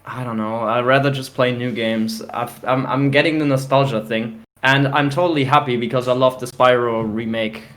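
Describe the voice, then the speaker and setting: A young man with a medium-pitched voice argues his view in casual podcast chat. He sounds opinionated and emphatic, grumbling and piling up points as he talks games with his co-host. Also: steady tone, normal speed, hardly any pauses, fairly bright tone.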